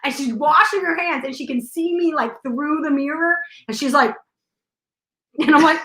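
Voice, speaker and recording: A young woman telling a personal story in an animated way, acting out the scenes with sudden drops and bursts of volume. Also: high-pitched, moderate pace. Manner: dramatic, acts out scenes with shifts in volume. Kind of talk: animated anecdote. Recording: echoey room.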